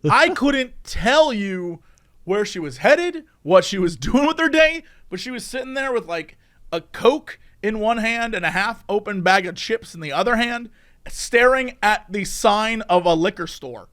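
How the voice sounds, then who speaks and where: A man's voice: sits high, big pitch swings, measured pace, fairly bright tone. A man co-hosting a podcast, telling a story in casual chat and laughing often as he goes. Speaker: podcast co-host.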